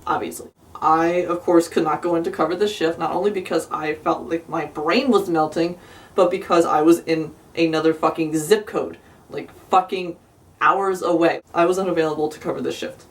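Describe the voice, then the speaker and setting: A woman's voice: low-pitched, fairly even intonation, moderate pace. A young woman from South Jersey telling a storytime in an exasperated, profane, sarcastic rant. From South Jersey, USA. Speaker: vlogger. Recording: voice a bit far from the mic.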